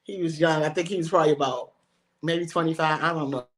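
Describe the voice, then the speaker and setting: A woman in her forties, a comedian telling animated, bawdy stories and laughing often in a casual interview. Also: low voice, quick pace. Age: 40s. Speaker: comedian guest.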